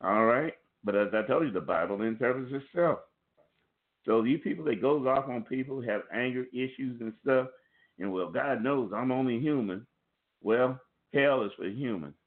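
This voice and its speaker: A man's voice: medium pitch, normal speed. A man preaching a sermon to listeners on a conference call, warning them in an earnest, repetitive way and restarting phrases as he goes. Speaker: pastor. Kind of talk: sermon over a phone line. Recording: tinny phone line.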